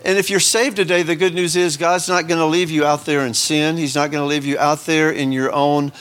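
With a voice on the high side and little pitch movement, a man speaks fairly quickly and a bit brightly as he teaches a congregation. The Bible lesson is casual and chatty, peppered with jokes, fillers, and restarts.

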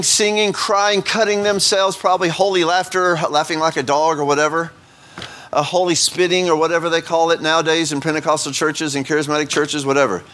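A pastor preaching an informal sermon in a conversational, joking way, often asking the congregation questions. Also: male voice, on the high side, fairly bright tone.

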